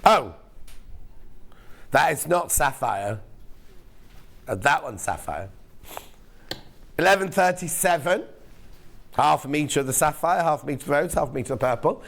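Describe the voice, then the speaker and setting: A man's voice: fairly high pitch, expressive, unhurried, long pauses, a bit bright. A man hosting a live shopping channel show while losing his voice, chatting and joking with viewers. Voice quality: croaky, gravelly. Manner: chatty, self-mocking banter with viewers. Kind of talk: live sales presenting.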